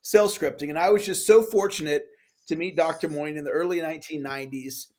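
A man with a fairly high voice co-hosts a podcast in an upbeat, enthusiastic way. He sets up his co-host to speak. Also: fairly even intonation, a little fast, a little mellow. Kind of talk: podcast talk.

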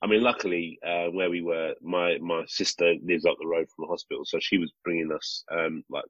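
Husky deep-voiced man. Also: fairly quick, no room sound. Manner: animated, rambling storyteller with many restarts. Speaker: podcast co-host, father. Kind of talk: casual conversational storytelling. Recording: slightly dull lo-fi recording.

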